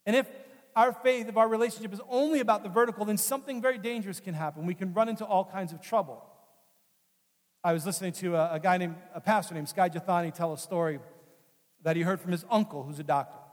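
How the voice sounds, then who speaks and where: A man's voice: sits high, fast. A man preaching a sermon as pastor. He tells stories in a conversational, earnest way and often repeats key phrases. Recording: long hall reverb.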